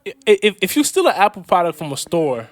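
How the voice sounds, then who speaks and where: A man's voice: high-pitched, sing-song, fast, no room sound. A man with a New York accent, co-hosting a casual podcast and recapping news in a rambling way with many restarts. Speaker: podcast co-host. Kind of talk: casual chat.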